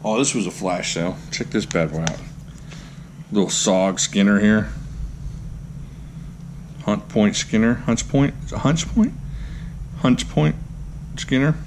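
Excitable man gushing over his collection. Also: fairly low pitch, a little slow, pauses often, noisy background. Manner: excitable, gushing exclamations and goofy jokes. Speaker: knife collector, channel host. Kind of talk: casual show-and-tell vlog.

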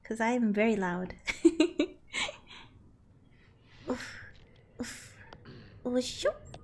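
A woman's voice: fairly high pitch, very slow, pauses often, a little mellow, slight background noise. A woman streaming a game, chatting casually with her viewers, reading their messages aloud and answering with giggles and playful grumbles. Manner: yelps and grunts while playing. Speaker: streamer playing a climbing game. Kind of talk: casual live-stream chat.

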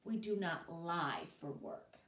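A woman's voice: on the low side, slow, fairly bright tone, a little hiss or hum. A stern yet caring grandfather, read by a woman speaks with grave firmness and moral weight. The recording sounds roomy, with the voice a little distant from the microphone. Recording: roomy, from away from mic.

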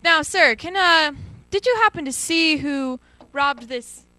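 A woman playing an awkward, clueless field reporter in a spoof comedy sketch, speaking in halting, fumbling phrases. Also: high voice, sharp tone, no echo. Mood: bumbling.

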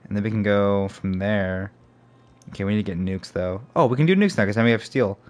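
A man's voice: on the low side, a little fast. A young man giving casual let's play commentary, thinking aloud and swearing as he plays. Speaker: gamer. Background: faint game music.

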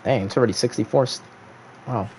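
A man's voice: mid-range voice, fairly quick, a little mellow, a little hiss or hum. A young man casually chatting on a gaming livestream, reading viewers' chat aloud and joking back at them.

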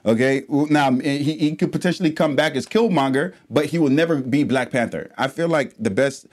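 A man hosting a casual reaction vlog, rambling and swearing as he swings between low, mumbled asides and heated, loud outbursts. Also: a little fast. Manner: rambling, profane, ranting. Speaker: reaction channel host.

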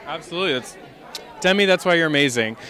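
A man interviewing backstage outdoors in a chatty, gushing way, his voice sitting a little high for a man. He talks fast and keeps things moving quickly, with a bright, forward edge to his tone. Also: lively intonation, some chatter behind. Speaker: entertainment correspondent. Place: outdoors backstage at a studio lot.

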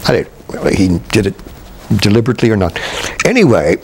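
An older man from Canada, a veteran stage actor, recalling his career in an interview with halting restarts and chuckles. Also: fairly low pitch, sing-song, a little hiss or hum. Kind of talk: reminiscing interview.

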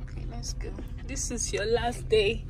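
A woman's voice: fairly high pitch, steady tone, a little slow, over music. A woman vlogging casually to camera from in and around her car, talking animatedly and venting her frustration aloud. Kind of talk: casual vlog chat to camera. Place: in and around a car, outdoors on the street. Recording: loud street and traffic noise. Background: traffic and street ambience.

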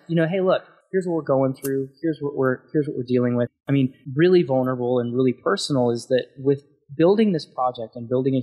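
A man's voice: medium pitch, breathy edge. A man speaking as a guest on an interview podcast, passionate and emphatic as he talks through his thoughts.

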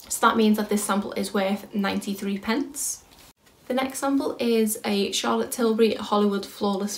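British woman, young adult, casual beauty vlog chat, mid-range voice, reverberant room. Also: mid-range voice. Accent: British English. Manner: chatty, thinking aloud while working out prices. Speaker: beauty vlogger. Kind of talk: casual product haul chat. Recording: echoey room.

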